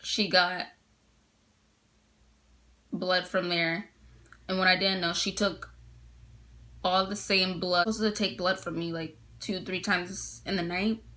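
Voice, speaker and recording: A woman's voice: lowish voice, fairly even intonation, slow, pauses often, pushed and bright. A young woman casually telling a personal story to her viewers, chatty, full of "like" fillers, laughing now and then.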